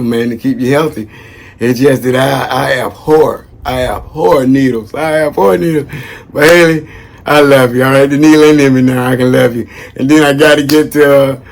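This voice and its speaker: A man talking casually to his viewers in a lively, laughing vlog. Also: medium pitch. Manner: animated, laughing, talks straight to viewers. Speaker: history vlogger giving shoutouts.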